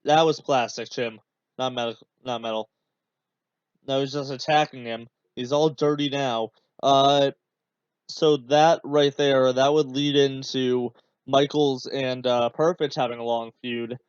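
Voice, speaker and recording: A man's voice: mid-range voice, fairly even intonation, unhurried, clean tone, no echo. Sarcastic, exasperated man on a podcast. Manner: exasperated, sarcastic, rambling with many fillers. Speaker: podcast host. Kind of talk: casual watch-along commentary. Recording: dull, dry podcast mic.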